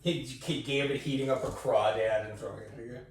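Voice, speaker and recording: A man's voice: medium pitch, steady tone, brisk, heavy reverb, recorded from a distance, slight background noise. A man co-hosting a comedy podcast, laughing often and riffing in casual chat. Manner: laughs a lot, does silly voices. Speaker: podcast co-host.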